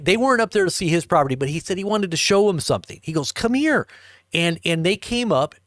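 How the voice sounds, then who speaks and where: A man's voice: on the high side, animated, fast, a bit bright, dry recording, studio quality. A man hosting a livestream, telling a rambling story and chuckling as he talks to viewers in the chat. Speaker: livestream host. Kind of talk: casual storytelling to a live chat.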